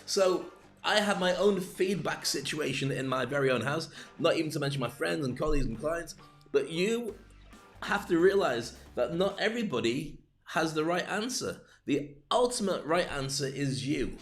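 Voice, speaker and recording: Soft music plays behind this older man as he coaches on speaking during a livestream, playfully joking and animatedly acting out little scenes amid many asides. He has a fairly high pitch and a moderate pace.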